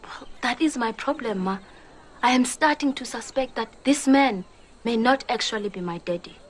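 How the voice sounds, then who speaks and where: An actress playing an earnest, polite woman with a Botswanan accent, quietly telling her troubles. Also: on the high side, moderate pace, natural voice. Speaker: client. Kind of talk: TV drama acting.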